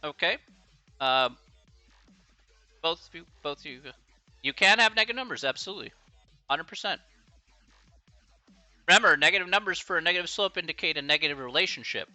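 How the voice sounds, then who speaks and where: A man's voice: a little high, animated, fairly quick, long pauses, bright, forceful tone, no room sound, soft background music. A man from the United States tutoring math on a live stream, chatty and encouraging, laughing often. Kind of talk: casual livestream tutoring chat.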